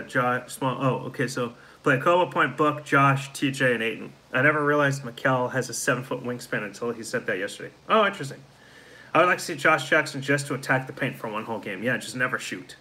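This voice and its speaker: A man with a strikingly bright, sharp tone hosts a casual live stream. He talks in a worn-out, deflated way, reading viewer comments aloud and answering each one. His pitch sits in the middle. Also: poor audio. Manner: frustrated, deflated fan talk. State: tired, yawning. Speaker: host of a live fan show.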